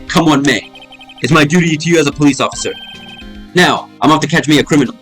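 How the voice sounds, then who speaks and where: A man's voice: a little high, fast, fairly bright tone, faint music behind, lightly acted. A man reading a blustery loyal cop. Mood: gung-ho. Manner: blustery, calls people pal. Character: gruff loyal police detective, man.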